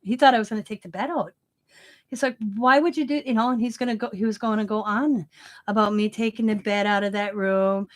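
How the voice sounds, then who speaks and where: A woman's voice: mid-range voice, steady tone, brisk. A middle-aged woman hosting a crafting channel, chatting casually, laughing often and breaking off to restart her sentences.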